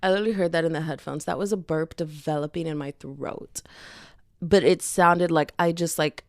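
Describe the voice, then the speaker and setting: A young woman hosting a podcast in casual chat, gushing and animated, with lots of "like". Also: sits low, normal speed, dry recording, clean studio sound. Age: young adult. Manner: gushing, animated, heavy filler "like". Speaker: podcast host. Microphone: headphones on, podcast mic.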